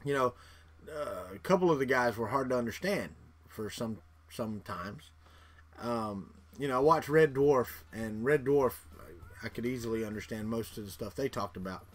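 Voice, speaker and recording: A man's voice: medium pitch, lively intonation, moderate pace. A middle-aged man from Florida with a Southern accent, chatting casually with live viewers in a rambling way, repeating words and chuckling. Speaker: livestream host.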